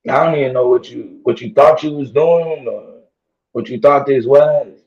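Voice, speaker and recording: A man ranting casually to his audience in heavy slang, laughing and repeating himself, his voice strained from yelling. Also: mid-range voice, moderate pace, roomy sound. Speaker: vlogger. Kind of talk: casual rant to camera. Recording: dull lo-fi audio.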